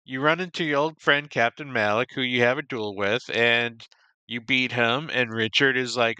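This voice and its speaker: Man, podcast host, bright crisp voice, dry close mic, rambling casual recap. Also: mid-range voice, moderate pace, no echo. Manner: rambling recap with frequent fillers.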